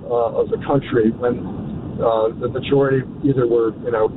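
A man calling into a radio show from his car, talking haltingly with many pauses and fillers. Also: mid-range voice, little pitch movement, background noise. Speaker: caller. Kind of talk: call-in chat. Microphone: phone. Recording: tinny phone line from a car.

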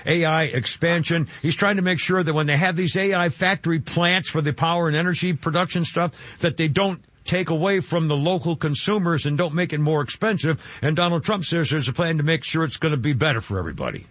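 Rambling husky radio host. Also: male voice, on the high side, fairly quick, few pauses, fairly bright tone, no echo, highs cut off. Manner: rambling, chatty, exclaims often. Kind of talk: casual radio talk.

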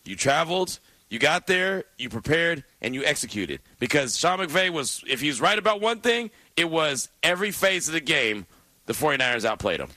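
Man, sports radio host, bright forceful voice, dry studio, joking and teasing. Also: fairly high pitch, very animated, moderate pace, no echo. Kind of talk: casual sports radio banter.

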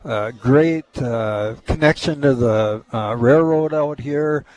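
A man talking as a guest on a radio show, explaining a local festival in a friendly, halting way with many fillers. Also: mid-range voice, a little mellow, no echo, poor audio. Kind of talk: casual radio interview.

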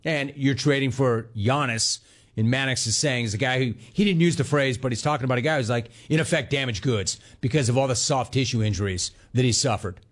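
A man hosting a sports talk radio show, talking in a conversational, emphatic way with quick bursts and repeated words. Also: medium pitch.

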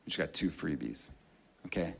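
A man voicing an angry teenage boy on a basketball court who issues a low, threatening warning. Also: lively intonation, moderate pace, gravelly, husky, full character voice. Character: menacing teenage male basketball defender.

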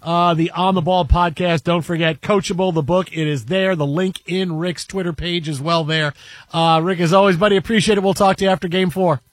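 A man's voice: sits high, fairly even intonation, fairly quick, dry recording. A man hosting a sports radio show, easygoing and joking with his co-host and guest. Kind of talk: casual radio chat.

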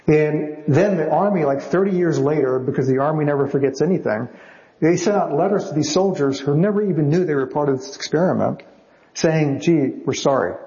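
A man's voice: fairly high pitch, mellow, highs cut off. A man who writes novels, telling anecdotes in a wry, chatty way as an interview guest. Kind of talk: anecdotal storytelling.

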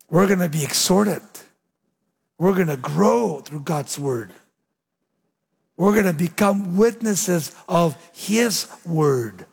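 Male preacher with a high, husky voice, emphatic peaks falling to near-whispers, long church reverb. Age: young adult. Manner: dramatic swings between loud emphatic lines and low hushed endings. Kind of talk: sermon.

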